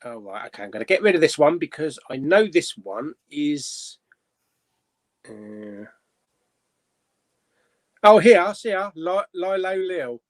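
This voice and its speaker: A man hosting a casual live-stream chat, jokey and quick to laugh. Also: a little high, very animated, dry recording. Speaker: host of a live chat show.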